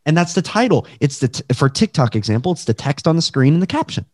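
An energetic man talks as a podcast guest over a video call. He speaks emphatically and acts out examples with his own voice. The sound is dry and close, with no room echo. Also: a little high, quick pace. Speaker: realtor and guest. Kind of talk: casual podcast interview.

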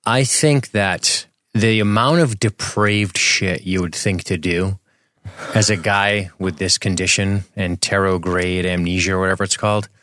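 A man's voice: deep voice, steady tone, measured pace, fairly bright tone, no echo, clean studio sound. A young adult man co-hosting a podcast, joking crudely and rambling in casual banter. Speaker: podcast co-host.

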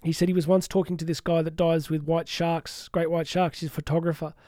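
A man's voice: fairly high pitch, brisk, no room sound, clean studio sound. A man giving a candid motivational talk as a life coach, joking at his own expense and acting out his inner voice in mock quotes. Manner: candid, self-mocking, animated asides.

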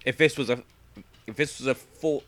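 A man's voice: mid-range voice, moderate pace. A man co-hosting a podcast in casual chat, playfully teasing. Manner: playful teasing, lively delivery. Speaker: podcast co-host.

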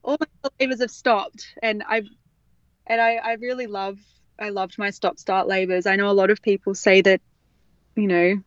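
A woman's voice: medium pitch, little pitch movement, moderate pace, no echo. Candid chatty woman, dull dry audio. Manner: candid, chatty, laughs often. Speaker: guest sharing her birth story. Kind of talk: casual interview.

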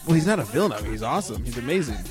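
A man's voice: mid-range voice, sing-song, rapid-fire, music in the background. A man co-hosting a casual podcast from a bedroom, loose and joking, swearing freely while drinking. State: tipsy, drinking beer. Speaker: podcast co-host. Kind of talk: casual chat.

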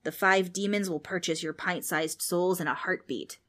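A woman's voice: on the low side, steady tone, normal speed, fairly bright tone, close to an everyday voice. A woman voicing a brash, boastful ghost with a folksy, mocking way of talking. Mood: smug.

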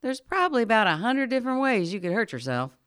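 A woman's voice: fairly high pitch, sing-song, quick pace, fairly bright tone, clean tone, no room sound, clean studio sound. A woman playing a blunt, folksy middle-aged diner owner in a radio drama. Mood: worried.

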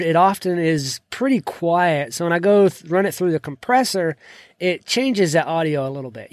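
Male podcaster, casual tutorial delivery, not a deep voice, trailing sentence ends, dry desk-mic sound. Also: dry recording. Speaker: podcast host. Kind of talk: casual screen-share tutorial. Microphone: desk microphone.

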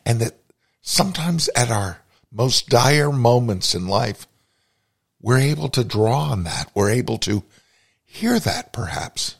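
A man's voice: mid-range voice, big pitch swings, slow pace, creaky. A man hosting a podcast, telling a personal story in a reflective, confessional way. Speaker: podcast host.

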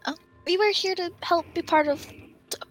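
A woman playing a tabletop game, playful and quick to laugh. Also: extremely high pitch, faint music behind, low-quality recording. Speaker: player.

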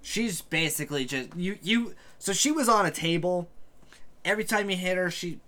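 A man's voice: sits high, normal speed, sharp tone. A man narrating as game master in a casual tabletop game, laid-back and profane. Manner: laid-back, profane, describes action loosely.

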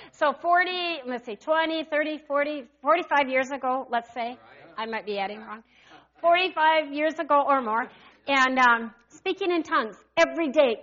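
A woman in her sixties preaching a sermon, animated and calling out to the congregation for responses. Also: on the high side, lo-fi sound.

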